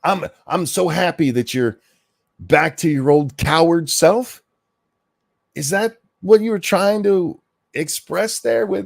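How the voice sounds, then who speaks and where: A man's voice: high-pitched, slow pace, vocal fry, no room sound, studio quality. A man hosting a ranting reaction commentary, profane, sarcastic and berating. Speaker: commentary host.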